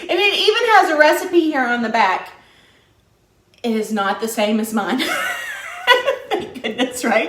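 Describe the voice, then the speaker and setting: A woman's voice: fairly high pitch, animated, a little slow, pauses often, a bit bright. A woman from West Virginia hosting a live cooking stream, chatting with viewers in an upbeat way and laughing often. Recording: echoey room sound.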